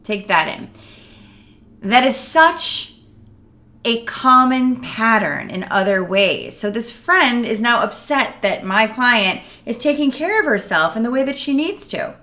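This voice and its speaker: Bright-voiced woman coaching to camera. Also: fairly high pitch, unhurried. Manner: earnest, animated, acts out quotes. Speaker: emotional wellness coach. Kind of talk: casual talk to camera.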